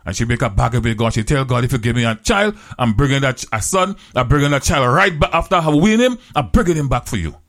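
A man preaching a storytelling sermon in plain, creole-flavored English. His voice sits at an ordinary middle pitch. He circles back on phrases and stretches out the scripture lines slowly. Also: expressive, a bit bright. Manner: drops to slow, drawn-out words for scripture quotes.

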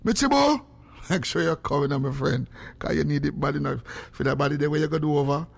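Man, gravelly voice, fairly high, excitable livestream chatter. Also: fast. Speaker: social media livestreamer. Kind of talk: casual live chat.

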